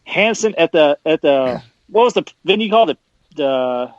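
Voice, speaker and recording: A man hosting a podcast, telling stories in casual chat with animated bursts and laughs mid-sentence. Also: on the high side, moderate pace, dry recording. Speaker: podcast host. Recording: dull lo-fi dry sound.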